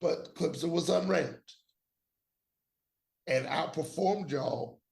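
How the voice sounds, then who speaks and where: A man's voice: fairly high pitch, slow pace, creaky. A man co-hosting a sports podcast, giving his own college football rankings in emphatic, slangy, trash-talking casual chat.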